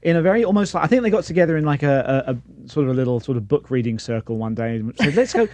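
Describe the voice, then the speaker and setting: A man's voice: medium pitch, very fast, a little mellow, no room sound. A man co-hosting a casual chat show, rambling and hesitant as he talks. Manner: rambling, hesitant, full of restarts. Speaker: co-host of an expat show.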